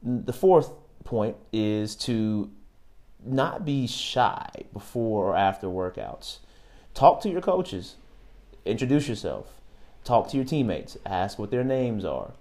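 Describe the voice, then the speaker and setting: A man's voice: on the low side, big pitch swings, takes it slowly, darkish tone. A man hosting a podcast, giving basketball tryout tips in a direct coaching manner and repeating key words. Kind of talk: casual advice monologue.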